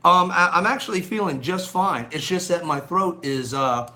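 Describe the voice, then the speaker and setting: A man's voice: sits high, moderate pace, sharp tone. A man hosting a casual live stream from his home, greeting viewers by name in an upbeat way with a slightly scratchy throat. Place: at home indoors. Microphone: phone on a gimbal.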